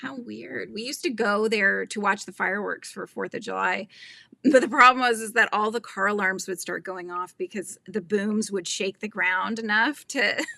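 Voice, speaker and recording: Female host, middle-aged, casual chat, laughs a lot, crisp tense tone, some vocal fry. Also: mid-range voice, moderate pace, sharp tone, no echo. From Northern California. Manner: chatty, laughing often, reading out chat comments.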